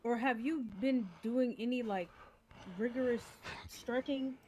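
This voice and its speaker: A woman playing a calm, polite doctor. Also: on the high side, unhurried, slight background noise, natural voice. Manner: calm, polite, hesitant with ums. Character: patient female doctor at a clinic. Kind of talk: game role-play.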